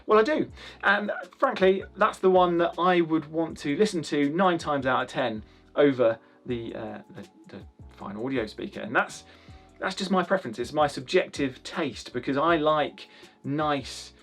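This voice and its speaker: A man's voice: a little high, normal speed, a bit bright, soft background music. A man from the UK giving a chatty, rambling spoken review of hi-fi speakers, with lots of restarts and fillers.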